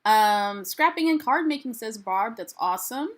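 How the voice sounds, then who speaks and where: A woman's voice: fairly high pitch, animated, normal speed. Chatty American woman hosting a livestream. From United States. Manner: chatty, reads viewer comments aloud, upbeat greetings. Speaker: livestream host. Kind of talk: casual live-stream chat.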